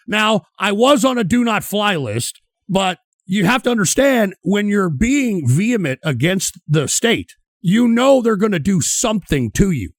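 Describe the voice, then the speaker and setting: A man's voice: sits high, sing-song, moderate pace, no room sound. A man streaming, reacting to clips with heated, sneering, swear-filled ranting. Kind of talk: profane ranting commentary.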